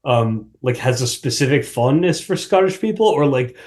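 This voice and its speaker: A man chatting as a podcast guest in a voice of ordinary pitch, loose and rambling. He strings thoughts together with many fillers and false starts. He laughs easily as he goes. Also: expressive, moderate pace, hardly any pauses, darkish tone. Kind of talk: casual chat.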